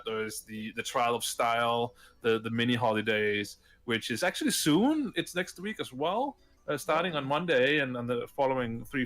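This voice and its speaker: A man's voice: medium pitch, a bit bright. A man co-hosting a casual gaming podcast, often stumbling and repeating words as he starts a thought. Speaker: podcast co-host.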